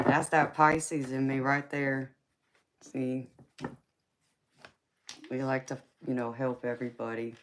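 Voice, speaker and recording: Woman, deep slow voice, playful live-stream tarot host, faint background noise. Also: level tone, a bit bright. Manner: playful, teasing, calls viewers baby and sweetheart, laughs often. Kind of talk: casual live-stream chat with viewers.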